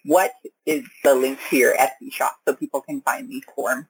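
A woman's voice: extremely low pitch, steady tone, moderate pace, breathy edge, no echo. A woman hosting a podcast, chatting casually and speaking straight to her listeners in an upbeat way. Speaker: podcast host. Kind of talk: casual podcast interview and sign-off.

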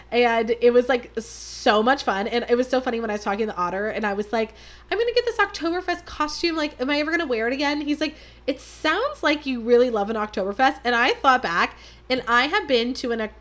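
A woman's voice: a little high, fairly bright tone. A young woman hosting her own podcast, chatting casually and mocking herself, with lots of fillers. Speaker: podcast host. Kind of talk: casual solo podcast chat.

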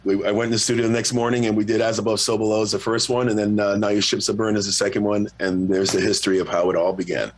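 A middle-aged man, a guest singer, telling a long story in a relaxed, profane, self-mocking way. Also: fairly low pitch, fast, hardly any pauses, slight background noise. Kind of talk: casual storytelling.

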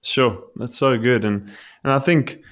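A man's voice: medium pitch, a little slow, fairly bright tone. A man hosting a podcast, affirming his guest and asking reflective questions in casual chat. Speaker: podcast host.

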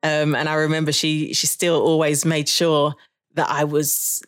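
A woman's voice: low voice, completely flat delivery, unhurried. A woman, a jazz saxophonist being interviewed, telling stories about her school days in a reflective, chatty way with frequent laughter. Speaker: podcast guest, jazz saxophonist. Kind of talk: conversational interview.

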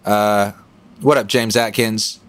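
A man with a fairly low voice hosts a relaxed livestream and answers viewers' chat messages. His delivery is profane and animated. He jumps from shouted bursts to quiet, low asides. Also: takes it slowly, dry recording. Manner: profane, animated, swinging between loud bursts and mumbles. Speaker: livestream host reading chat.

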